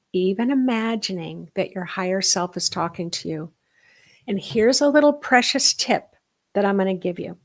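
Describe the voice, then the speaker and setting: A middle-aged woman leading a live online spiritual workshop, talking in an animated, emphatic way that swings between quick bursts and slow, hushed asides. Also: a little high.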